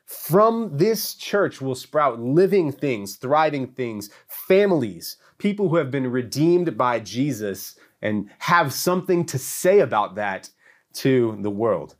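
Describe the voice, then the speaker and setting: A man delivers a church sermon in an emphatic, repetitive style. His voice sits at a middling pitch but ranges widely, swinging from loud peaks down to hushed lows. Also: very animated, takes it slowly. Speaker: church teacher.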